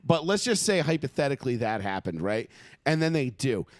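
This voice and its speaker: A man's voice: medium pitch, sing-song, fairly quick, no echo, clean studio sound. A man hosting a casual sports podcast, talking in a profane, emphatic and opinionated way. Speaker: podcast host.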